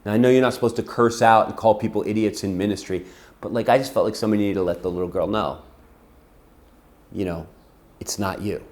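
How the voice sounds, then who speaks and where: A man's voice: fairly low pitch, steady tone, fast, a little mellow. A middle-aged man telling a personal story from his ministry work, intense and impassioned, acting out the people in it.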